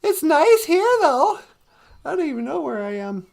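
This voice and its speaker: A woman's voice: sits high, very animated, normal speed, gravelly, a little mellow. A woman from Minnesota co-hosting a casual live stream, playful and laughing often. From Minnesota, USA. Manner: playful, laughs often, makes goofy computer beeps.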